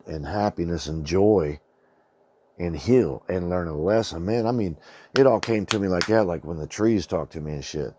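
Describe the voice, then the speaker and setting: Casting: middle-aged man, deep and mellow, loose rambling storyteller who swears a lot. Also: normal speed, no echo. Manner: rambling, colloquial, swears freely, says "man" often. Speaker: channel host. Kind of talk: casual storytelling monologue.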